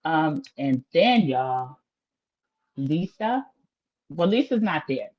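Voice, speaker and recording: A low-voiced woman talks slowly with big swings in pitch, and the recording sounds muffled. She hosts a casual livestream recapping a reality show, chatty and opinionated as she addresses her viewers directly.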